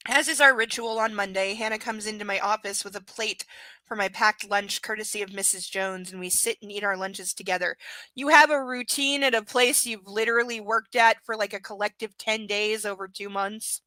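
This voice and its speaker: Sarcastic woman reading aloud, bright voice. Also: mid-range voice, steady tone, moderate pace, no room sound, rough recording. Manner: sarcastic, exasperated asides with swearing. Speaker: host reading a novel aloud. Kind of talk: live reading with commentary.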